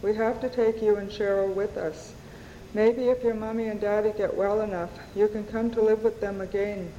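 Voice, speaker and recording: A woman voicing a kindly, calm female social worker in a soft, soothing way while reading her novel aloud. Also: mid-range voice, normal speed, big-room sound, dull audio, a little hiss or hum, natural voice. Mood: gentle.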